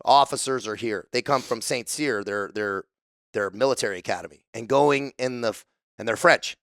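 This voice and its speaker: Gravelly man telling profane stories. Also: mid-range voice, normal speed, dry recording. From San Diego, United States. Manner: profane, animated storytelling with acted-out quotes. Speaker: guest, former special forces soldier. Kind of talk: casual podcast interview.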